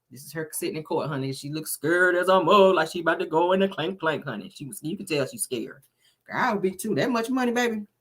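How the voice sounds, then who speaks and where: A sassy woman dishes celebrity gossip in a chatty way. Her lowish voice swoops all over as she talks, and she keeps calling her viewers honey and baby. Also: fairly bright tone. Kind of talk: casual gossip commentary.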